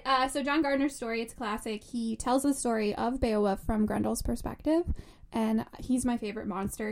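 A woman's voice: on the high side, creaky, darkish tone. A woman co-hosting a casual book podcast, enthusiastic and rambling, often giggling. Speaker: podcast co-host.

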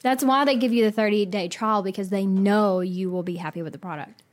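A woman's voice: medium pitch, fairly quick. Congested woman podcast co-host, loose chatty delivery. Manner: chatty, reads ad copy loosely with jokes. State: congested from sinus infection. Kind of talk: casual chat.

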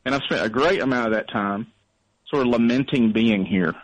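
On a poor-quality, dry recording, a North Alabama caller speaks at a moderate pace in a medium pitch. Recovering from sickness, he rambles through a casual call-in chat in a wry, self-deprecating way.

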